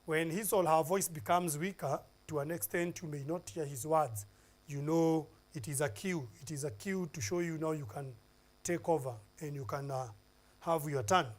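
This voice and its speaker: A man's voice: on the high side, moderate pace. A man with a Kenyan accent teaching a televised English lesson, listing points one by one with fillers and emphasis.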